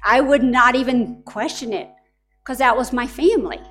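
A woman's voice: a little high, normal speed. Woman preaching with faint music. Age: middle-aged. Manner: storytelling, earnest and direct. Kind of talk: sermon.

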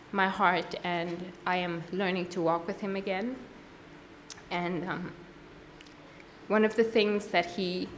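A woman sharing her personal testimony at a worship service, earnest and halting, with frequent pauses and restarts. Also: on the low side, slight background noise. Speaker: church testimony speaker.

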